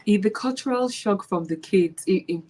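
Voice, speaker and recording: A Nigerian woman and maths teacher, telling classroom stories in an interview with lively laughter. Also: mid-range voice, normal speed, poor audio. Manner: animated storyteller, laughs while retelling classroom moments. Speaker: special education maths teacher. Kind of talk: casual interview.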